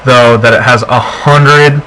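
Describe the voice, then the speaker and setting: A young man talks through a video game in a chatty, rambling way, full of fillers and restarts. His voice sits at a middling pitch. A faint hiss runs under the recording. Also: fairly even intonation, a little slow, sharp tone, low-quality recording. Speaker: co-host of a gameplay video. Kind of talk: casual gameplay walkthrough.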